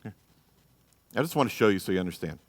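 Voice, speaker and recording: A man's voice: fairly low pitch, expressive, fast, long reverb tail. A man teaching a church marriage class, blunt and exhorting, often checking in with "you know" and "okay?". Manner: acts out quoted people in a raised voice.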